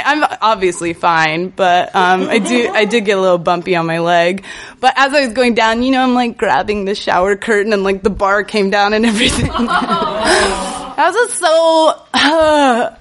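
A woman's voice: a little high, noisy background. A woman telling a personal story on stage at a live show, self-mocking and often breaking into laughter.

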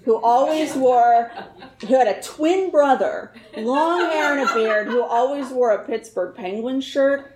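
A woman's voice: a little high, darkish tone. Wry laughing woman storyteller, roomy sound. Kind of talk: personal storytelling.

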